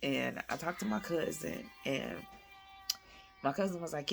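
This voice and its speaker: A woman, chatting with viewers at home in a casual faith-based vlog, animated and calling them y'all. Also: low voice, measured pace, vocal fry, pauses often, slight background noise. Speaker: vlogger, mother. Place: at home, indoors.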